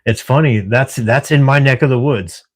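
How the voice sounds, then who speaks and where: This livestream host is a middle-aged man from Washington State talking loosely with viewers while on the job at night. He speaks at medium pitch and a normal speed, breaking into easy laughter and the occasional curse word.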